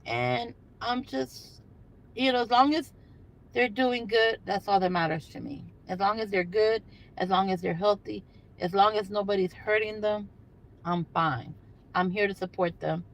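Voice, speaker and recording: A woman's voice: medium pitch, a little slow, rough recording. Chatty woman livestreaming from her car. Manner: chatty, rambling, lots of fillers and you-knows. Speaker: livestream host. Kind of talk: casual live chat with viewers. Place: in a parked car.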